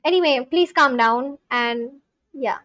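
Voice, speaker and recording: On a lo-fi recording without echo, a young woman livestreamer speaks slowly in a high, slightly bright voice. She chats loosely with viewers, using lots of fillers, and answers chat by both scolding and reassuring them.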